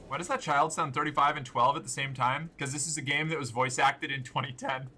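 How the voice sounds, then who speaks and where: A man giving casual gaming commentary, joking and swearing as he reacts loudly to the game. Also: mid-range voice, steady tone, fairly quick, slight background noise. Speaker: streamer.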